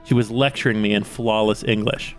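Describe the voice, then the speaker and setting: A man's voice: lowish voice, fairly even intonation, a little fast, faint music behind. A man co-hosting a podcast who jokes crudely and reads chapters of a book aloud. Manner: crude, joking. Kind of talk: casual chat and book reading.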